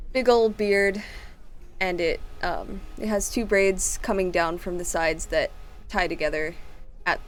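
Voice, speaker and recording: A woman narrating a tabletop game as game master, describing scenes in a rambling way full of fillers. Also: on the low side.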